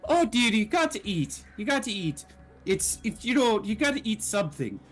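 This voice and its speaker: A man's voice: high voice, sing-song, normal speed, faint music behind, voice pushed up. A man voicing a fussy, caring old grandmother in a tabletop game, doting and calling everyone dear. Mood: worried.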